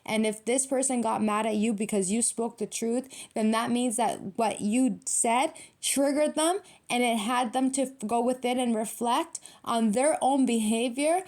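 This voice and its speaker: A woman's voice: fairly high pitch, unhurried, few pauses, a little mellow. A young adult woman giving a casual tarot reading, blunt and profane, full of street slang and emphatic repetition. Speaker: tarot reader.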